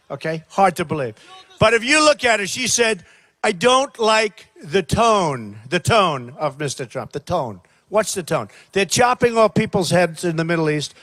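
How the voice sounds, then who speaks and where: A man's voice: high-pitched, a bit bright, no echo. Older man rambling at a rally. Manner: rambling, repetitive, talks straight to the crowd. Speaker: political candidate. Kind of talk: campaign rally speech. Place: large rally crowd by a plane.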